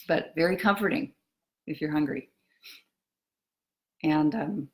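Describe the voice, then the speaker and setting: A middle-aged woman giving a reflective talk on eating and emotions, speaking softly and slowly with pauses and trailing phrases. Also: low-pitched. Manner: slow, soft and musing, with pauses and trailing phrases.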